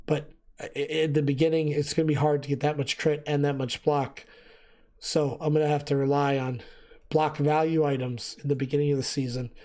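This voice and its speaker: A man talks through his game setup in an easy, unscripted way, pausing on fillers as he works things out. His voice sits a little high and is worn, as he is losing it. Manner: relaxed, thinking aloud with fillers. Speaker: gaming video host. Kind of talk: casual gameplay gear explanation.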